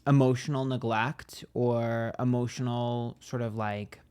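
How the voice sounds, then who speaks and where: A man's voice: medium pitch, level tone, a little slow, a little mellow, smooth. A man giving a casual psychic tarot reading, rambling and hesitant, turning emphatic and profane.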